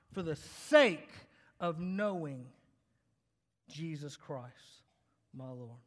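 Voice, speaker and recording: A young adult male pastor preaching a sermon, swinging between loud emphatic lines and quiet, intimate asides with humorous personal stories. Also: very high-pitched. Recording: long hall reverb.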